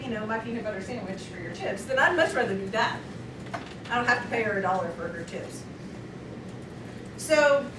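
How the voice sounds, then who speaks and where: A woman's voice: high-pitched, noisy background. A woman teacher giving a chatty, playful lecture to her class, recorded from far off in an echoey classroom.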